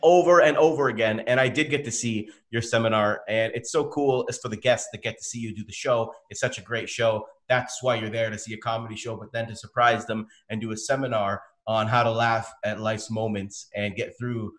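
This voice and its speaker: A man's voice: on the low side, steady tone, brisk, hardly any pauses. A man co-hosting a podcast, chatting casually and friendly, affirming the guest. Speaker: podcast co-host. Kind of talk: casual interview chat.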